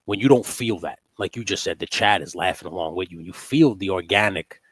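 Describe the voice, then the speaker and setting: A man's voice: sits low, brisk, slightly rough. A man in casual chat as a guest, laid-back and profane, laughing often. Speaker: podcast guest.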